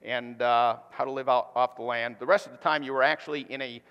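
A male pastor preaching a sermon, animated, swinging from loud emphatic bursts to quiet, hushed points. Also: mid-range voice, a little fast, clear, resonant tone, highs cut off. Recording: reverberant hall.

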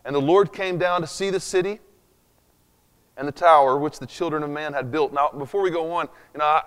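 A man gives a sermon in a church hall, his voice sitting a little high for a man. He talks loosely and conversationally, with wry, sarcastic asides and plenty of fillers. The sound carries a long, echoing reverb from the room. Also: a little fast, fairly bright tone, smooth. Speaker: pastor. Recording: echoey hall recording.

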